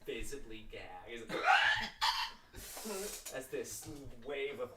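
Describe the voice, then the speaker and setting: A man's voice: medium pitch, moderate pace, heavy background noise. A man narrating a tabletop role-playing game as game master, loose and rambling, often laughing. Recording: roomy, distant mic with music.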